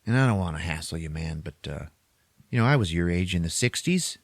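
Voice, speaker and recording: A man's voice: deep voice, expressive, fairly quick, vocal fry, dry recording, heavily acted. A man voicing a laid-back ex-hippie male science teacher who drawls and keeps saying "man". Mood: coaxing. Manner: drawling, says "man" a lot.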